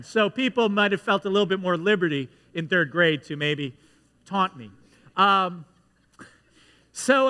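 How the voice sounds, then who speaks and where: A man preaching a sermon to his congregation, telling a story with lively asides that pull the listeners in. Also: high voice, clean tone, big-room sound. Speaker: pastor. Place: church sanctuary.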